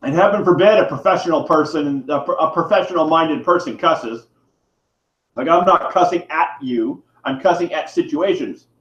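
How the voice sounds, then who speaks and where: A man with a fairly high voice rants in a preachy, irate way, dropping curse words to drive his points home. The sound is roomy and slightly dull, like a home video. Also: moderate pace, a bit bright. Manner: irate, preachy, swears for emphasis. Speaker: vlogger. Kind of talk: ranting monologue to camera.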